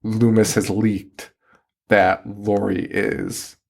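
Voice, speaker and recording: Here a podcast co-host with a lowish, vocal-fry voice speaks extremely slowly. He's casually recapping a film, swearing freely and mocking it with animated energy.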